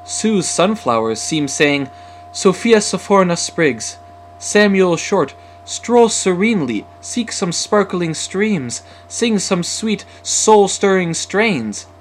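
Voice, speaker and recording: A man's voice: sits high, sing-song, slow, a little hiss or hum, pitched above the performer's own voice, full character voice. A man voicing a shy, lovestruck young man with a heavy nervous stutter. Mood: dreamy.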